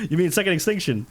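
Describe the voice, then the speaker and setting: A man chatting casually as a live game streamer, excitable and giggly. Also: sits high, slight background noise.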